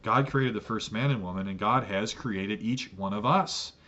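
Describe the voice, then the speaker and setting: A man's voice: on the low side, moderate pace, pushed and bright, dull audio. A man teaching a church catechism lesson as pastor, earnest, often repeating words as he restarts a sentence.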